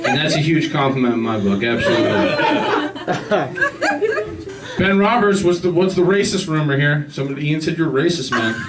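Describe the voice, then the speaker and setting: A young man doing a stand-up set on a club stage, halting and full of ums, with deadpan asides. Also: a little high, heavy background noise. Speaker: stand-up comedian. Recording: distant mic with loud crowd.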